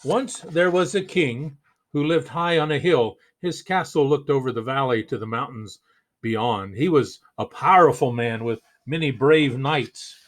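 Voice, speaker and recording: A man, a pastor, reading a picture book aloud slowly and gently, with chatty asides to the children. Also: mid-range voice.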